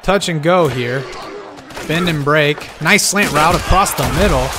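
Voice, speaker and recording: A man calling a simulated football game play by play. He gets excitable, rises to shouts on big plays, and keeps talking straight to the listeners as folks. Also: on the high side, measured pace, noisy background. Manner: talks directly to the audience, calling them folks. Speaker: play-by-play commentator.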